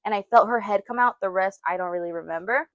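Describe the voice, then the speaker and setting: A woman's voice: mid-range voice, fast, fairly bright tone, no echo. A young woman co-hosting a casual podcast chat, telling a personal story with frequent laughter and quoted voices. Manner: chatty, laughs often, acts out quotes. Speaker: podcast co-host.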